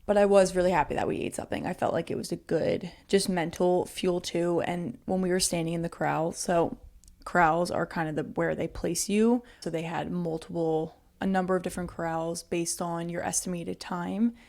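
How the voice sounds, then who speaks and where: A woman's voice: fairly low pitch, steady tone, moderate pace, vocal fry, darkish tone. A young woman co-hosting a podcast, chatting casually and giggling, with lots of "like" fillers. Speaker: podcast co-host. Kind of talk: casual chat.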